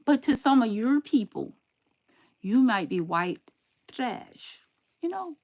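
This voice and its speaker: A woman's voice: fairly high pitch, slow pace, vocal fry. An older woman, a grandmother live-streaming and answering chat comments in a blunt, scolding, sarcastic way. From southern United States. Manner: blunt, scolding, sarcastic warnings with lively swings. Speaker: livestreamer.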